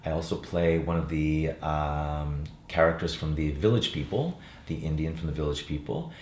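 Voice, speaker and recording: An older man, an actor and playwright, talking about his one-man play in a relaxed, reflective way with frequent fillers. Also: extremely low pitch, moderate pace, a little hiss or hum. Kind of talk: interview chat. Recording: roomy sound with faint ambience.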